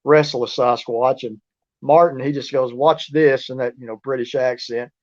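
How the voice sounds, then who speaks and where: A man from southeast Oklahoma, a researcher and author, appears as a guest in a casual storytelling interview. His middle-pitched voice has fairly even intonation and normal speed, and he rambles, restarting sentences and using lots of fillers. The audio is dull and lo-fi.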